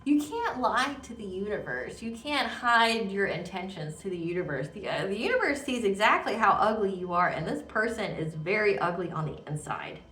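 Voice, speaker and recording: A woman's voice: mid-range voice, animated, moderate pace, hardly any pauses, fairly bright tone, far from the mic. A woman giving a casual tarot reading, rambling and emphatic, repeating words with many fillers. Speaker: tarot reader. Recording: echoey room, voice off-mic.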